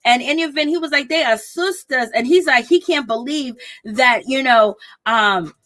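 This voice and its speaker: A woman host casually recapping a reality TV episode for her viewers, retelling scenes and quoting the cast with lively exclamations. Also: high-pitched, moderate pace. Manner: animated storytelling, quotes cast members, exclaims. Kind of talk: casual chat recapping a show.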